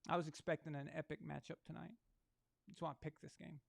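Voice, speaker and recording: A man's voice: fairly high pitch, little pitch movement, fast, gravelly. A man hosting a live sports stream, ranting crudely and mockingly while he watches a game. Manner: mocking, sarcastic asides. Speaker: sports livestream host.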